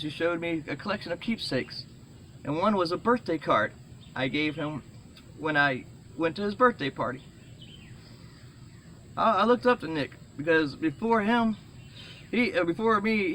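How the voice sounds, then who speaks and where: Rambling excitable middle-aged man vlogging. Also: fairly high pitch, a little hiss or hum. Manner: rambling, excitable, many fillers and restarts. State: sweating. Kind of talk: casual rambling vlog.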